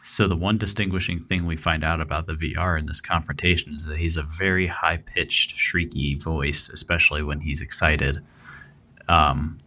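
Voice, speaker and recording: A man's voice: extremely low pitch, steady tone, normal speed, bright, forceful tone. A man co-hosting a true crime podcast, reading case details and then chatting about them loosely with fillers. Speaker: podcast co-host.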